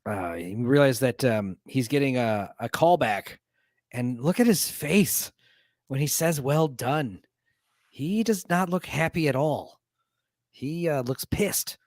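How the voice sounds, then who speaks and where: A man hosts a relaxed movie discussion, rambling through scenes with a lot of laughter. His voice sits at an ordinary middle pitch. The sound is dry, with no room echo. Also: a little slow. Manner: rambling, laughs often while retelling scenes. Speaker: stream host.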